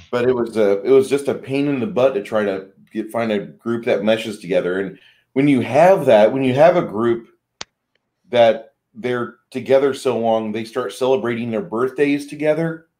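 A man's voice: mid-range voice, moderate pace, mellow. A man co-hosting a casual chat about tabletop games, blunt and rambling, swearing freely as he talks. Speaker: game master, podcast co-host.

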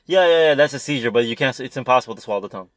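Young dude telling a story, cussing a lot, doing everyone's lines, laughs a lot. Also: male voice, mid-range voice, lively intonation, rapid-fire, fairly bright tone, no echo. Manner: swears a lot, acts out quotes, laughs often. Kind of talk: casual storytelling chat.

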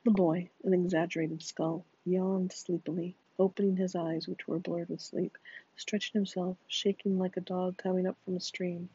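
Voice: mid-range voice, level tone, normal speed, warm tone, breathy edge, dry recording. A narrator reading a novel aloud in a dramatic way, often dropping into whispers, in a dull lo-fi recording. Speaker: audiobook narrator.

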